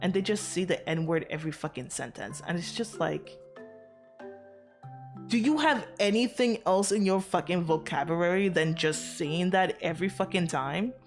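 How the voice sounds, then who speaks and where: Woman, streamer, low voice, casual rambling chat, lots of fillers, curses a lot, faint background music. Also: moderate pace. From outside America. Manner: rambling, animated, frequent swearing and fillers. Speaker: VTuber streamer.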